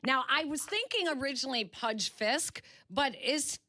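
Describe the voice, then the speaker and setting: A woman from Chicago hosting a radio show, briskly running a playful quiz for her guest. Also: high-pitched, lively intonation, bright, forceful tone, dry recording, studio quality. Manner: brisk, teasing quizmaster. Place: radio studio. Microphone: studio microphone.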